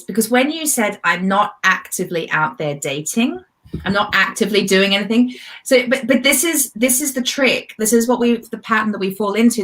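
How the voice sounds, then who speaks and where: A woman's voice: mid-range voice, a bit bright. Enthusiastic woman host coaching. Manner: enthusiastic and emotional, emphatic. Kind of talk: casual conversation.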